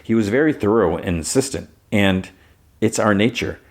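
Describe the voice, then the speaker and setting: A man voicing a calm, gentle, unfailingly honest woman who speaks softly and evenly. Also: on the low side, moderate pace, close to an everyday voice.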